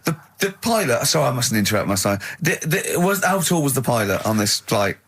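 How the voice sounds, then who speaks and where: Male host, bright voice, lively swooping pitch, playful and teasing, studio chat. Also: fairly quick, husky. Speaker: radio host. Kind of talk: casual radio chat. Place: radio studio.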